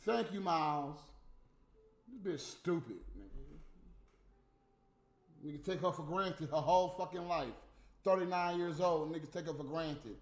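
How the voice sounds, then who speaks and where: A man's voice: on the high side, unhurried, pauses often. A man delivering a heated, profane, scolding rant as a stream host. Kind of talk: profane ranting monologue. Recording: roomy room with faint music.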